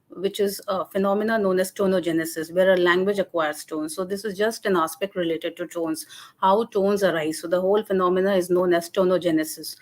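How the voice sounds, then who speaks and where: A woman giving an academic webinar lecture over a video call, explaining slowly and often hesitating with fillers and restarts. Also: medium pitch.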